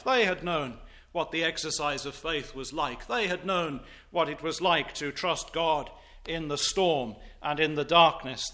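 A male preacher with a bright, ringing voice pitched a little high. He delivers an expository sermon, stacking rhetorical questions in old-fashioned, formal phrasing.

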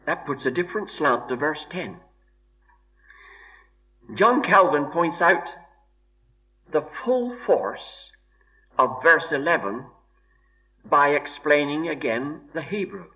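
Slow, bright-voiced preacher man. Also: fairly high pitch, expressive. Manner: slow, measured, deliberate emphasis. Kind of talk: expository sermon. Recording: dull lo-fi recording.

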